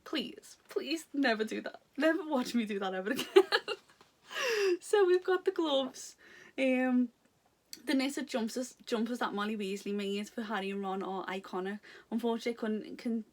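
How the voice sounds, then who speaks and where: A woman's voice: a little high, normal speed. Chatty giggly young woman. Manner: chatty and giggly, rambling off topic, gushing. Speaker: vlogger unboxing a subscription box. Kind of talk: casual chat.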